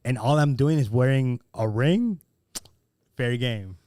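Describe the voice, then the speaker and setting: A man's voice: mid-range voice, lively intonation, slow, a little mellow, no room sound, clean studio sound. A man co-hosting a podcast, arguing his opinions in casual chat and often restarting his sentences. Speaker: podcast co-host.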